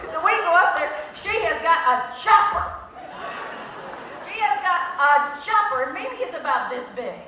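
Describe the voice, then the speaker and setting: Chatty high-voiced woman hosting a stage show. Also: lively intonation, normal speed, pushed and bright, slight background noise. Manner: chatty, self-mocking, laughing often. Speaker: show host. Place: large theater stage. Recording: echoey live theater recording from far off. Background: crowd.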